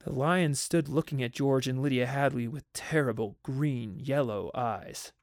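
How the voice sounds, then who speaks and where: A man reading a short story aloud in a measured, vivid storytelling manner. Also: mid-range voice, no echo, studio quality.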